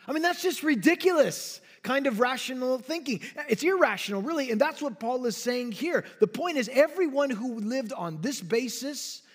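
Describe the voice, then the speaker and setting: High-voiced man preaching emphatically. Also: lively intonation, normal speed, hardly any pauses. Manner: emphatic, dynamic delivery with sudden drops and bursts. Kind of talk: expository sermon.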